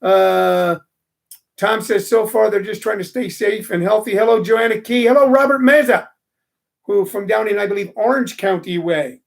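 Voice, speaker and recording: A man's voice: sits high, steady tone, moderate pace, gravelly. A middle-aged man hosting a loose, rambling live stream, chatting with viewers and greeting them by name. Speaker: host.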